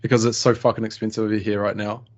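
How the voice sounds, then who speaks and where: Gravelly blunt man swearing a lot. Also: on the low side, little pitch movement, quick pace. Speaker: podcast guest. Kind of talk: casual podcast chat. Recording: dull lo-fi sound.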